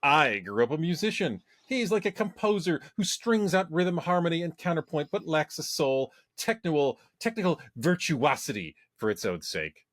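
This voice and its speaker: Podcast guy chatting casual, jokey, laughs a lot, lively up and down voice, dry close sound. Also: on the high side, normal speed, dry recording. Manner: playful, laughs often. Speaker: podcast co-host. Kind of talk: casual chat.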